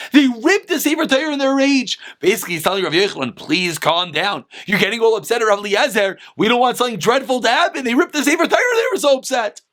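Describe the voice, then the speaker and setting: A man with a very high voice teaching a daily Talmud class. He reads short Aramaic phrases, then explains them in casual, conversational English. His voice jumps up sharply whenever he stresses a point. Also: fairly bright tone. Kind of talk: Talmud lesson, reading and translating.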